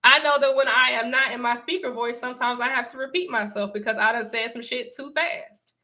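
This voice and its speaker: A woman's voice: a little high, brisk, pushed and bright. A young adult woman hosting a casual livestream, talking to her viewers with emphatic repetition and frequent laughs. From Southern United States. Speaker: livestream host and speaker.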